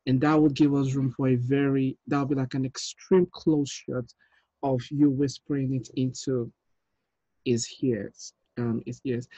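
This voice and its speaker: A man directing a table read over a video call, animated and joking as he gives notes. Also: mid-range voice, a little slow, breathy edge, no echo, lo-fi sound. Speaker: film director.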